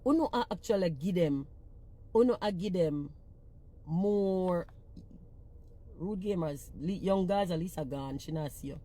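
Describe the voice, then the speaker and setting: A woman's voice: lowish voice, measured pace, long pauses, mellow. A woman with a Jamaican accent ranting on a phone livestream, blunt and profane as she scolds her commenters. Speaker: social media personality.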